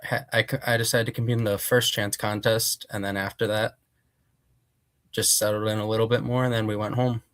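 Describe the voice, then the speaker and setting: Young man from Pennsylvania, low voice. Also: flat delivery, brisk, fairly bright tone, dry recording. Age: young adult. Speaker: guest. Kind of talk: casual interview answers.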